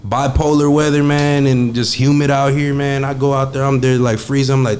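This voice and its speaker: A man's voice: mid-range voice, level tone, fairly quick, few pauses, a little mellow, slight background noise. A young man, telling stories as a guest in a casual interview, laid-back and streetwise, swearing freely and using many fillers. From Texas. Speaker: guest, studio engineer.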